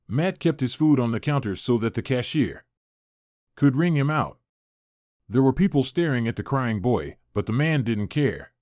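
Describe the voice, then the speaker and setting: A man narrating a scripted viral story in an even, measured way. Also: mid-range voice, no echo, studio quality.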